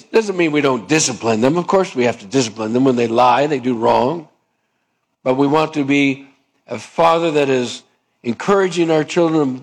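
A male preacher giving a sermon, asking his listeners rhetorical questions and acting out little dialogues. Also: on the high side.

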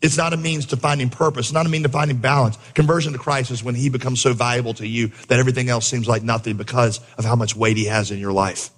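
Husky-voiced preacher in a big reverberant hall. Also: male voice, medium pitch, quick pace, few pauses. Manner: animated storyteller, acting out his own shouts as coach. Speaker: pastor. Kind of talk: sermon with a comic story.

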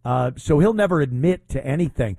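A man's voice: fairly high pitch, expressive, brisk, creaky, a little mellow, dry recording. A man hosting a talk radio show, talking bluntly and indignantly, rambling with frequent fillers.

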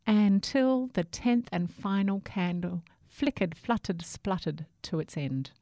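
A woman narrating a children's storybook aloud, slow and expressive. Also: medium pitch, dry recording, clean studio sound.

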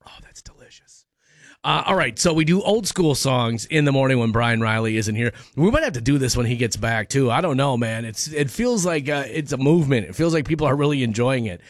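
A man hosting a morning radio show alone in a studio, chatting fast and tripping over his words. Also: mid-range voice, expressive, dry recording. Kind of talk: casual radio chat. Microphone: studio microphone.

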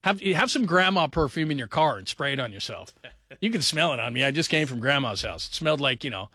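A man's voice: a little high, quick pace, slightly rough. A man hosting a sports talk radio show, joking and laughing his way through casual commentary. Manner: animated, laughing, joking asides.

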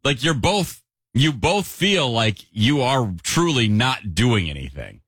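A man co-hosting a morning talk show, speaking in an easygoing, drawn-out way in casual banter. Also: medium pitch, sing-song, a bit bright, husky, no room sound. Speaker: radio show host.

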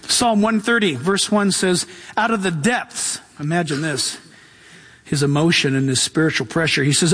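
A man's voice: sits high, animated, moderate pace, a bit bright, breathy edge. A middle-aged man preaching a sermon as pastor, enthusiastic and casual, with slangy asides. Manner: enthusiastic, casual slang, voices Jesus in quotes.

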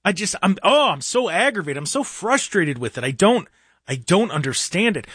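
A man's voice: sits high, very animated, normal speed, fairly bright tone, husky, dry recording, clean studio sound. A young man ranting heatedly about his home team, exasperated and mocking, in sports commentary.

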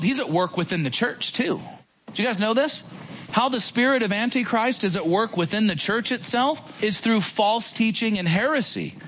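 A man preaching a casual sermon to a congregation, in a conversational, animated way with many rhetorical questions. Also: sits high, a little hiss or hum.

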